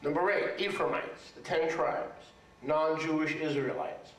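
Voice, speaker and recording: Brief: man, rabbi delivering a sermon, raised pitch, emphatic and repetitive, echoey room, mic far off. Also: steady tone, measured pace, fairly bright tone. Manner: emphatic, repeats words for stress, asks the audience for agreement. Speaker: rabbi teaching a congregation.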